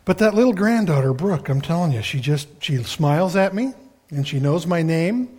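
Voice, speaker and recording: A man's voice: fairly high pitch, expressive, normal speed, a little mellow. An older man preaching a sermon, telling personal family stories in a folksy, conversational way.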